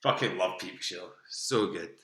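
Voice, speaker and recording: A man's voice: low-pitched, unhurried, a bit bright, roomy sound. A British man hosting a live online quiz from home, chatty, laughing often and repeating each question. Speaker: quiz host. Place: home room. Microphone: home computer mic.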